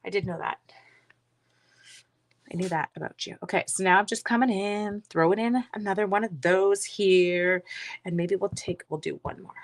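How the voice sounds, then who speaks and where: A woman's voice: mid-range voice, moderate pace. Chatty woman crafting on a livestream. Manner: chatty, self-teasing, talks to viewers while working. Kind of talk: casual crafting chat, reading viewer comments. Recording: faint background noise.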